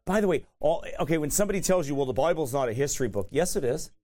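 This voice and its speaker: A man preaching, slightly higher than the usual male voice. He teaches in an easygoing, conversational way, throwing frequent "right?" asides to the room and chuckling at his own lines. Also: lively intonation, racing, darkish tone. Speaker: pastor. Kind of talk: sermon teaching.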